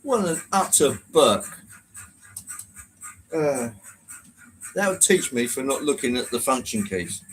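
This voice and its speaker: A chatty man hosts a casual live stream from his model railway room, reading out viewer comments and greeting people by name. His pitch rises and falls a lot as he talks, and he is quick to make fun of himself. A faint hiss of background noise sits under his voice. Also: very animated, rough recording. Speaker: livestream host.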